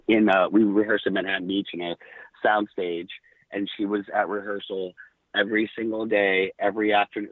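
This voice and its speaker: A man's voice: on the low side, no echo. Man telling stories over a tinny line. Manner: animated anecdotes with quoted dialogue. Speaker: podcast guest. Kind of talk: casual storytelling.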